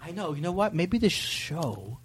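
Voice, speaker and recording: Wry, teasing man with a slightly high voice. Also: a little fast, dry recording. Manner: wry, teasing questions, deadpan jokes. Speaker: comedian guest. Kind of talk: casual comedic chat.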